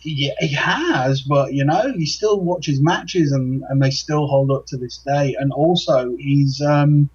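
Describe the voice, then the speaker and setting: A man co-hosts a casual chat in a husky voice, starting and restarting his sentences often. The sound is dull and lo-fi. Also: fairly high pitch, a little mellow. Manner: halting, many fillers and restarts. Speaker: co-host.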